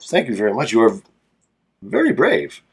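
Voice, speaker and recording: A man's voice: mid-range voice, huge pitch swings, moderate pace, vocal fry, slightly rough, exaggerated voice. A man voicing a tall, courteous human adventurer who speaks in formal, polite phrases.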